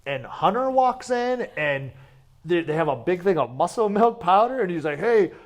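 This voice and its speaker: A man's voice: high-pitched, big pitch swings, moderate pace. A man as a guest in a sit-down interview, telling stories casually with lots of fillers and restarts. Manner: chatty, frequent "like" fillers and restarts. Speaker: wrestler guest.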